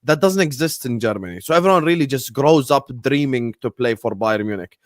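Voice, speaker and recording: A man's voice: mid-range voice, animated, fairly quick, no room sound, studio quality. A man co-hosting a casual football fan chat, playful and rambling. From Arab background. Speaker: co-host of a fan show.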